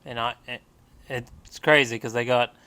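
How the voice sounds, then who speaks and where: A man co-hosting a casual podcast, with a bright, forward tone and a smooth, clear voice. He mostly chimes in with short, agreeable remarks. The chat takes place out on a porch. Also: medium pitch, fairly even intonation, normal speed. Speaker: podcast co-host. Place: porch, outdoors.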